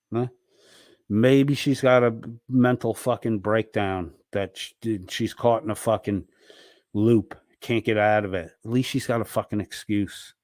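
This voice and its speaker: Angry male streamer, low and dry, berating rant full of swearing. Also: a little mellow, no echo. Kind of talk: ranting monologue.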